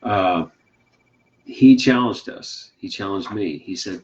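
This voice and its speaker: A man's voice: low voice, slow pace, darkish tone, a little hiss or hum. A man co-hosting a podcast, sharing a faith testimony in a folksy, emphatic, rambling way. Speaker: podcast co-host. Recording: slightly muffled audio.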